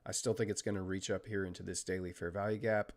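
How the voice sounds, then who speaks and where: An American man hosting a live trading stream, chatting casually and talking through market moves, with fillers and trailing pauses. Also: deep voice. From United States. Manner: steady technical market commentary. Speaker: trading livestream host.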